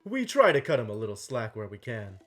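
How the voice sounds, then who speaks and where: A man playing a story game aloud, reading narration and dialogue with animated delivery and frequent laughter. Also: fairly quick. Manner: animated, laughing often, jumps into higher voices for characters. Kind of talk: casual game playthrough with read-aloud voices.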